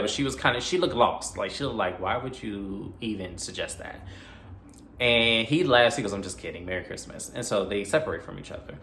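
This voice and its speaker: A man recapping a horror movie plot in a casual, animated way, acting out the characters' lines and adding his own asides. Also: lowish voice, a little hiss or hum. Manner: animated retelling with quoted voices and asides. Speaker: movie reviewer. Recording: echoey room with faint ambience.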